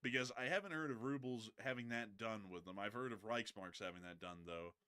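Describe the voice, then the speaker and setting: A man hosting casual live news commentary, mixing joking asides and quick self-corrections into the updates. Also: on the low side, pushed and bright, clean tone.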